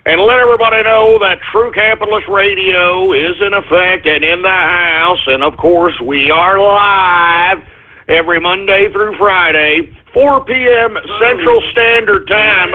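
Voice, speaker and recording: High-voiced man hosting radio over phone. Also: unhurried. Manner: exasperated, scolding asides to an unseen crew and a dog. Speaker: radio show host. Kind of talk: comedic talk radio monologue. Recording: phone-like narrow-band audio.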